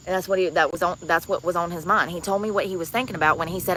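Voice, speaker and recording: A woman's voice: lowish voice, fairly even intonation, racing, fairly bright tone, slight background noise. A woman livestreaming outdoors on the street, chatting casually and rambling to her viewers.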